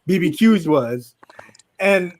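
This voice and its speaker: A man's voice: sits high, takes it slowly. A man co-hosting a podcast, telling a story among friends, laughing often and acting out quotes. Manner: animated, laughing, acts out quotes in raised voices. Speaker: podcast co-host.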